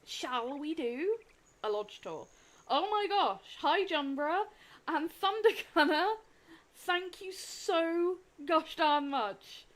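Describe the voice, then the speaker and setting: Slow-talking giggly woman streamer. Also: high-pitched, a bit bright. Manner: giggly, effusive and rambling. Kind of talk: casual gameplay livestream chat.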